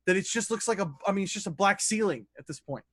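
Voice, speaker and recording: A man's voice: high voice, expressive, fast, a bit bright, no echo, clean studio sound. A man running a tabletop game as dungeon master, narrating loosely with restarts. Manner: loose, conversational rulings with restarts.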